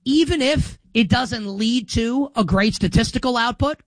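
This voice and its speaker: A man's voice: measured pace, few pauses, no room sound. A man hosting a sports talk show, delivering an opinionated monologue with sarcastic emphasis. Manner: sarcastic and emphatic, with wide swings in pitch.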